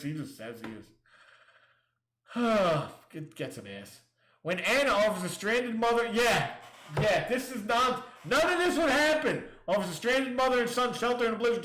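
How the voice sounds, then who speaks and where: A man's voice: fairly high pitch, fairly bright tone, reverberant. A male show host in a casual livestream rant, reading listings aloud and mocking them with crude, sarcastic jabs. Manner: reads listings aloud then riffs.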